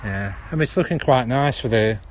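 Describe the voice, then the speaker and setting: A man's voice: mid-range voice, animated, a little fast, a little hiss or hum. A man with a Stoke-on-Trent accent chatting casually while walking through an outdoor park on a phone livestream, dropping his H's. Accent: Stoke-on-Trent (Potteries). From Stoke-on-Trent, England. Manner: rambling, chatty, drops H's. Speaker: livestream host. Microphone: handheld phone.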